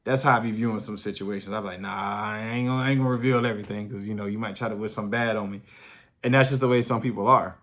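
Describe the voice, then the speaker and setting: A man's voice: lowish voice, fairly even intonation, very fast, fairly bright tone. A man, talking in a blunt, profane, hyped-up way in a casual motivational vlog. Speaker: fitness vlogger.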